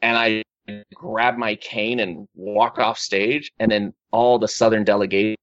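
A man's voice: lowish voice, fairly even intonation, unhurried, a bit bright, dry recording. A man chatting casually with friends, rambling through his news with many restarts and fillers. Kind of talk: casual group chat. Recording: dull lo-fi recording.

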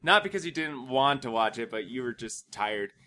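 Co-host parent, a woman with a very deep voice, easy chat, quick agreeing interjections. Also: expressive, sharp tone. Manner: chimes in with short agreeing remarks. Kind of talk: casual chat.

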